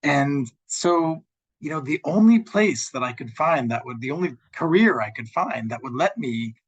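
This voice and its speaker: A man's voice: medium pitch, slightly rough. A man from Philadelphia, a lawyer guest on a radio show, joking about himself and hesitating with fillers as he begins his story. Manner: self-deprecating humor, hesitant with fillers. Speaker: intellectual property lawyer, guest.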